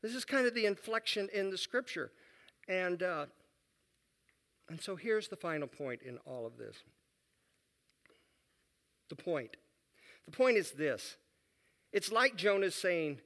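Animated high-voiced male Bible teacher. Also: unhurried, pauses often. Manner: animated, folksy, self-deprecating. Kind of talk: conversational Bible lesson.

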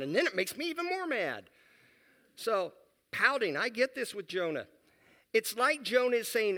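Animated high-voiced male Bible teacher. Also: normal speed, long pauses. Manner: animated, folksy, self-deprecating. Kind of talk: conversational Bible lesson.

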